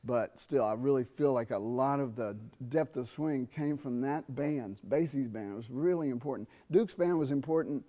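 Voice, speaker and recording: Brief: middle-aged male trumpet teacher, animated masterclass delivery, sings phrases to demonstrate. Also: medium pitch. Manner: animated, sings rhythms and asks students quick questions. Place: university theatre.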